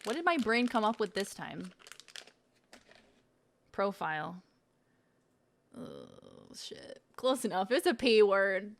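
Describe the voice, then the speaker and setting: During a casual live stream, a woman chats in an easygoing way, her medium-pitched voice swinging widely in pitch as she speaks slowly with long pauses. She swears freely and plays around while sounding out words printed on packaging.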